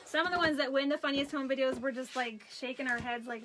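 Woman, craft live-stream host, casual chatty talk, high voice, bright tone. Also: fast talker, a little hiss or hum, poor audio. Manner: chatty, animated storytelling, greets viewers while working. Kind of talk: casual chat while crafting.

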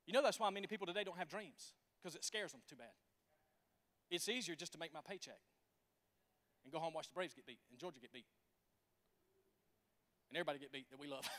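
High-voiced preacher in reverberant church. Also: male voice, a little fast, pauses often. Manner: animated, folksy storytelling. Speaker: pastor. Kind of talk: sermon.

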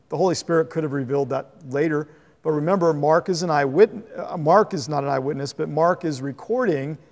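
A man preaching a sermon as a pastor, animated and conversational, chuckling at his own asides. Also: on the high side, big-room sound. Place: church sanctuary.

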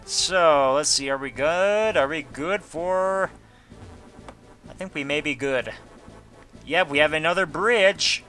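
Jokey let's player, male, bright somewhat high voice, reads dialogue with silly asides. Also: measured pace, soft background music. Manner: jokey, reads game text aloud with goofy asides. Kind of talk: casual gameplay commentary.

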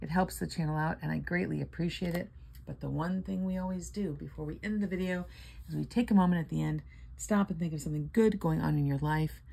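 A woman's voice: low-pitched, fairly quick, gravelly, dark tone, slightly rough. An older woman casually chatting and reading out numbers while scratching lottery tickets, playful and sleepy. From Florida. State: sleepy, yawning.

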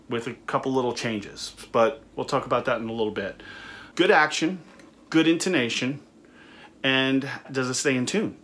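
A man's voice: mid-range voice, a bit bright. A middle-aged man who owns a recording studio, reviewing a budget guitar in a casual, conversational way with frequent fillers and restarts. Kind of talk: casual product review talk.

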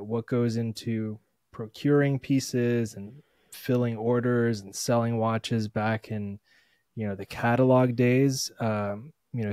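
A man's voice: mid-range voice, a little mellow, dry recording. Laid-back podcast co-host man. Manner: laid-back, lots of fillers. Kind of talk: casual chat, introducing a sponsor segment.

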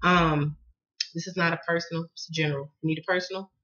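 A woman's voice: lowish voice, quick pace, lo-fi sound. A woman with a Southern American accent giving a casual tarot reading, laughing often and cussing freely as she tells stories. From Southern United States. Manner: laughs often, cusses, lively storyteller. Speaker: tarot card reader.

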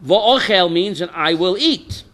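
A male rabbi lecturing a Torah class in a high, bright voice that swings widely in pitch. He keeps firing rhetorical questions at his students and calls on them by name. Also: animated, a little slow. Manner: quizzes students by name, mixes in Hebrew terms.

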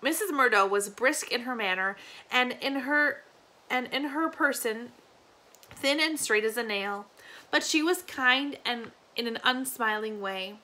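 A woman teacher reads a novel aloud, chapter by chapter. Her voice is bright and sits a touch high. She keeps a steady pace and corrects small slips as she goes. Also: a little slow.

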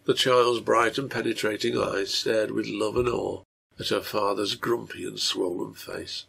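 A man reading his own translation of a serialized novel aloud, in steady storybook narration. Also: fairly low pitch, unhurried, vocal fry, slightly rough.

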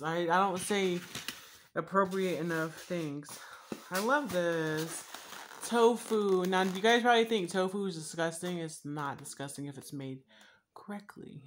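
A woman's voice: on the low side, a little hiss or hum. A woman YouTuber chatting casually while eating on camera, rambling and swearing freely with lots of fillers. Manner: rambling and profane, with frequent fillers.

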